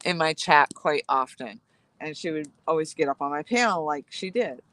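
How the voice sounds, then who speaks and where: A woman hosts a relaxed chat outdoors by a campfire at night, winding through her stories with frequent laughter. She talks into a headset mic. The sound is close and dry, with no room around it. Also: low voice, moderate pace, no room sound, rough recording. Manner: rambling, laughing storyteller. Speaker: channel host.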